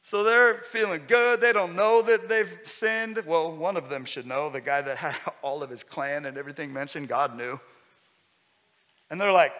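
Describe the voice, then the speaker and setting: Lively pastor preaching in a reverberant hall. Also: male voice, on the high side, normal speed. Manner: lively, conversational preaching with sudden loud bursts. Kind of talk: sermon. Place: church hall.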